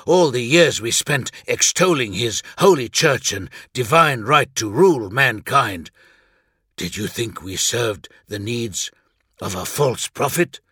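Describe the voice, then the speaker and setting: A man plays a weary warrior huntsman who speaks bluntly and grimly. His delivery is slow and measured, with a husky edge, in a dry close recording. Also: medium pitch, lively intonation, fairly bright tone, no echo.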